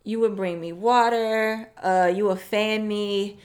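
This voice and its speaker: A woman co-hosting a podcast, her voice sitting at an ordinary middle pitch. She talks frankly in a relaxed, conversational way. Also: slow pace. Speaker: podcast co-host. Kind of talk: casual chat.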